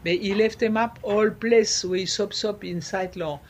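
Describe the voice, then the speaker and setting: High-voiced man. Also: steady tone, normal speed, a little hiss or hum. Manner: mixes in French words; searching for words, many fillers. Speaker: interviewee. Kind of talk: casual conversation.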